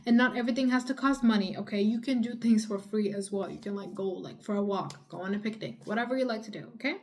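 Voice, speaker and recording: A woman vlogger giving earnest advice straight to her viewers, pleading and repeating herself, at times rising to loud urgency. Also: medium pitch, fast. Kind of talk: direct-to-camera advice talk.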